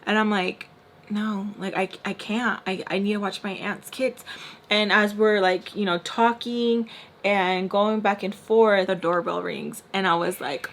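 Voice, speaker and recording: A young woman telling a casual storytime, animated and full of "like" and "y'all", acting out the people in it. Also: mid-range voice, moderate pace. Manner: animated, acts out the voices of people in her story; peppered with "like" and "y'all".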